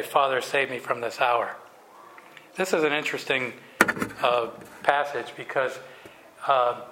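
Bright-voiced man leading Bible study. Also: medium pitch. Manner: reads scripture aloud, then explains casually with fillers. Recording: echoey room with faint noise.

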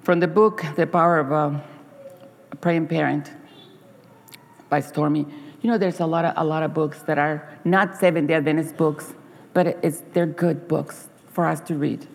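Gravelly-voiced woman preaching in a hall. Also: low-pitched, steady tone. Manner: halting, repeats words, acts out story voices. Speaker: church speaker. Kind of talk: sermon with storytelling.

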